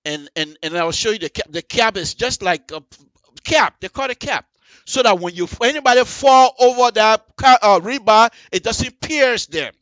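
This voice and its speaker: A man hosting a live radio call-in show, talking high and bright with emphatic, animated delivery. He repeats phrases and speaks straight to his listeners. The sound is dry and close-miked. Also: moderate pace, no echo. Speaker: radio talk show host. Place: radio studio.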